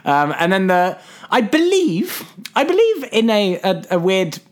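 A man's voice: wildly swooping pitch, unhurried. A man co-hosting a podcast, recapping and mocking a film in casual, sarcastic, profanity-laced chat. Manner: sarcastic, swears, jumps high when exasperated. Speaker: podcast co-host.

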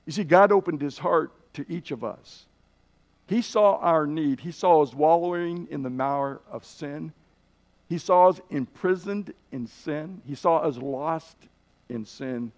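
A man teaching a Bible lesson in a sermon style, telling stories earnestly and slowing down on key words. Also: fairly high pitch, a little mellow. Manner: earnest storytelling, slows down for emphasis. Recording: dull lo-fi recording.

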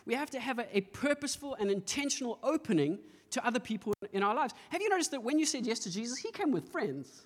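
A man's voice: very high-pitched, very animated, quick pace, few pauses, long reverb tail. A man pastor preaching a sermon, telling stories with playful acted-out asides. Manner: storytelling with playful voiced asides and laughter.

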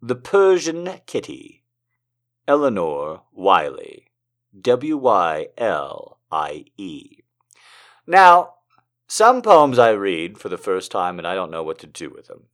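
A man reads poems aloud and jokes in between, swinging from slow, dramatic recitation to fast, excited, profane banter. His voice sits low, and the event is a casual poetry reading with commentary.

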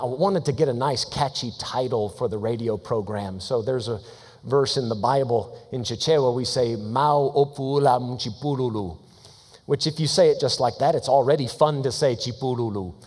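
A man preaching a sermon as pastor, emphatic and lively, slowing down to read scripture aloud. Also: medium pitch. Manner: animated, laughing storytelling. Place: church sanctuary. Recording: long church hall reverb.

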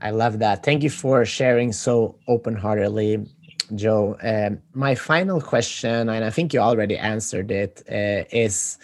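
Encouraging male podcast host. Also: fairly low pitch. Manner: warm, encouraging, halting questions with fillers. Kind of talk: interview questions. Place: in Los Angeles. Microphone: remote video call.

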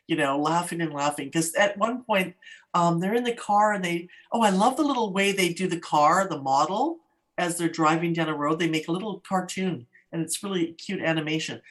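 A woman podcast co-host from Canada chatting casually, telling animated stories with quick laughs. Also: fairly low pitch. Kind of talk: casual chat.

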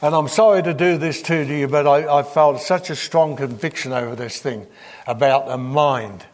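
Male preacher, slightly high voice, teaching sermon with scripture reading and questions to the congregation. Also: moderate pace.

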